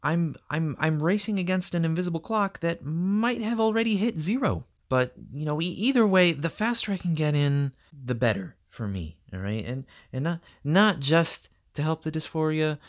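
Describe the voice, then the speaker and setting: A woman in her twenties with a lower voice recording a personal, halting message to her future self, full of repeats and restarts, with sarcastic asides, from a dark closed-off room. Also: expressive. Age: 20s. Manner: halting, self-interrupting, thoughtful. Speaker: vlogger.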